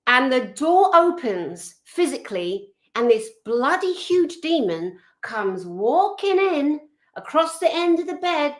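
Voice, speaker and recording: A woman telling a personal story in a chatty, animated way over a video call, with lots of fillers. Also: high-pitched. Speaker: guest.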